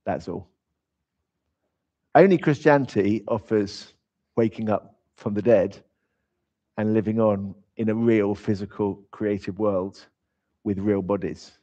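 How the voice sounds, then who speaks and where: A man's voice: lowish voice, measured pace, pauses often, mellow. A man preaching in an informal, conversational way. He is emphatic and drops in humorous asides. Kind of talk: conversational sermon. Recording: slightly dull, lo-fi sound.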